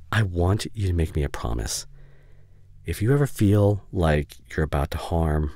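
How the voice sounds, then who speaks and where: A man voicing a caring young male best friend in a whispered role-play, speaking softly and haltingly with emotional reassurance. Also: sits low, no echo, clean studio sound. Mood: gentle. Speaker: ASMR voice actor. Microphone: studio condenser mic.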